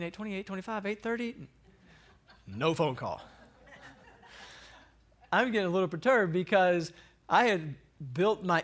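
A man in his thirties casually telling a personal faith story, rambling a little with fillers and laughing at himself. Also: a little high. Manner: conversational, rambling, frequent fillers and restarts; self-deprecating, chuckles at himself. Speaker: speaker sharing a personal story.

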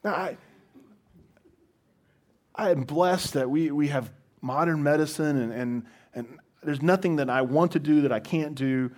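A man's voice: a little high, a little slow, darkish tone. A man, a pastor, giving a conversational sermon to a congregation, with wry self-deprecating humor and frequent restarts.

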